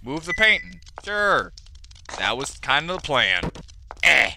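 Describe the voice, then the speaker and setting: A man's voice: fairly high pitch, slow pace, gravelly, faint music behind. A man giving let's play commentary, talking to himself and the characters on screen, and yelping and cursing when things go wrong. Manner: excitable, yelping and cursing at the game. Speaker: gaming video host.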